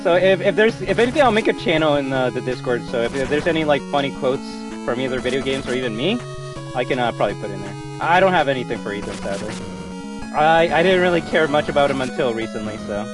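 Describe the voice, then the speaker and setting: A young man live-streaming a fighting game, chatting casually with viewers, excitable and swearing often. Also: medium pitch, quick pace, recorded from a distance. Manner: excitable, swears often, reads chat aloud. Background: game music.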